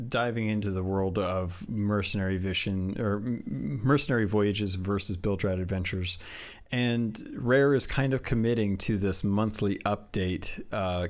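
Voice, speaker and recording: A man hosting a casual gaming podcast, halting with many restarts as he sets up questions for his co-host. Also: fairly low pitch.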